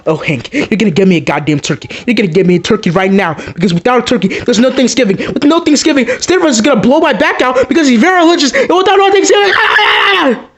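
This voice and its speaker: A man voicing a hot-headed, foul-mouthed male plush puppet who swears constantly and works himself up into shouts. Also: a little high, normal speed, lightly acted. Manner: swearing, excitable, rising to shouts. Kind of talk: plush puppet comedy skit.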